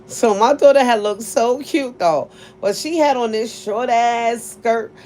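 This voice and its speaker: A vlogger in her forties tells her viewers a casual story, blunt and profane, laughing often as she goes. Her voice is on the high side, unhurried and darkish in tone, with a little hiss or hum in the background.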